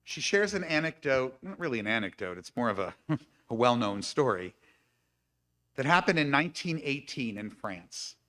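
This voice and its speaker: A man speaking at a live-streamed congregation service, his voice bright and clear. He reads book passages aloud and breaks in with his own comments and small laughs. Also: medium pitch, very animated, normal speed. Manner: reads quoted passages with asides and light laughs. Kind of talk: reading aloud and commenting in a talk.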